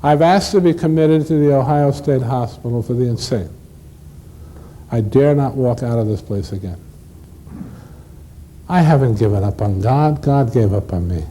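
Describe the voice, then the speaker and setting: A man playing a despairing, hushed drunk. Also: medium pitch, a little hiss or hum, lightly acted. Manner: despairing, pleading. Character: desperate middle-aged male drunk strapped to a bed.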